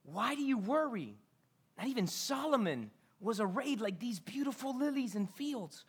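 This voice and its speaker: Expressive woman preaching a sermon. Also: on the high side, normal speed, husky. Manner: expressive, swings between loud scripture reading and quiet asides; conversational, asks the congregation questions. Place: church.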